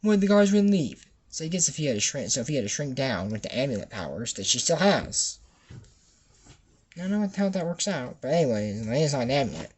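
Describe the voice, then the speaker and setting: A man's voice: mid-range voice, sing-song, a little fast, a little mellow, slightly rough. A young man giving a sarcastic, comedic recap of a cartoon episode and acting out the characters' lines.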